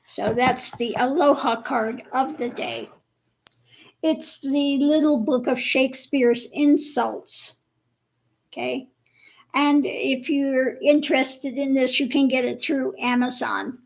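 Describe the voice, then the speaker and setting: A woman hosting a casual livestream chat with viewers, slow and chatty, laughing often, with her voice a bit worn. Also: high voice, fairly even intonation, gravelly, low-quality recording. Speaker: livestream host.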